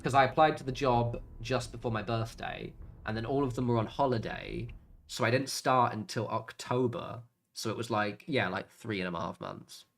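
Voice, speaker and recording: A British gaming streamer with a gravelly, mid-range voice talks at a moderate pace while he plays. His chat is casual and rambling, full of laughter, with a swear word here and there.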